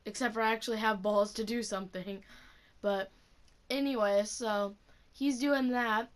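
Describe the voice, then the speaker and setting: Teen woman, storytime vlogger, profane and rambling, slightly high-pitched. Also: fairly even intonation, normal speed. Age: teens. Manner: casual, profane, heavy use of "like". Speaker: student. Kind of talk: storytime vlog rant.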